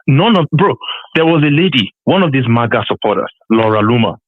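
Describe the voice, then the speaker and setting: A man calls in over a thin, tinny phone line and argues his point with force, hammering the same ideas again and again. The line sounds dry and close, with no room around his voice. His pitch sits in an ordinary middle range. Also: expressive, brisk, dry recording. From Nigeria. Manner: forceful, repetitive, argumentative. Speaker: caller. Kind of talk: impassioned political call-in.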